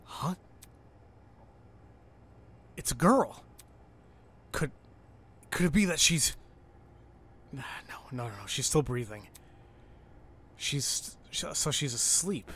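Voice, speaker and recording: A man hosting a let's play, reading a visual novel aloud with excitable, cursing commentary. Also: mid-range voice, slow, pauses often, husky. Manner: excitable, swears and exclaims at the game.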